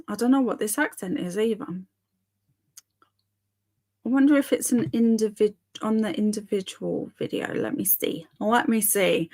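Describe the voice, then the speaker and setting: A woman's voice: mid-range voice, normal speed, darkish tone. A young woman hosting a live stream, chatting casually and reading viewer comments aloud in a giggly, bemused way. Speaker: livestream host.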